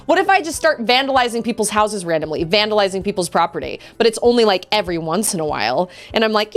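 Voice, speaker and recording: A woman's voice: mid-range voice, animated, quick pace, hardly any pauses. A woman streaming a game, ranting in casual chat and mocking others in sing-song voices.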